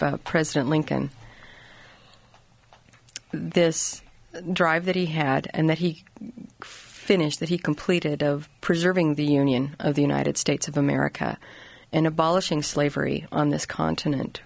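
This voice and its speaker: A woman hosting an interview, asking a long question in thoughtful, halting phrases. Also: sits low, vocal fry, no room sound. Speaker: host.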